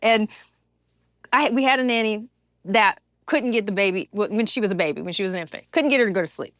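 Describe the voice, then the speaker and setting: A woman in her forties chatting casually on a podcast as a guest, telling animated stories and slipping into shrill playful mimicry. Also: quick pace, no echo, studio quality. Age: 40s. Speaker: guest, host's wife.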